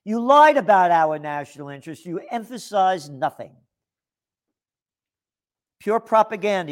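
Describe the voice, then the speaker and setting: A man's voice: high-pitched, animated, a little slow, pauses often. A man delivering an opinion monologue, reading out news articles and rebutting them in a sarcastic, indignant tone. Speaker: political commentator.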